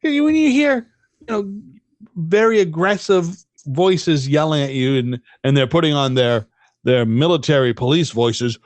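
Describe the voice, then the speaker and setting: A man's voice: on the high side, a little slow, no echo. Profane rambling man telling a story. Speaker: podcast co-host. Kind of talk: casual storytelling chat.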